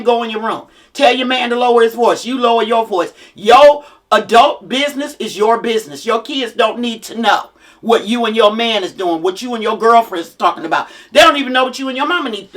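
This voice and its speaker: A woman's voice: a little high, a bit bright. A woman, a mother of grown children, giving a blunt, plain-spoken motivational talk to single parents.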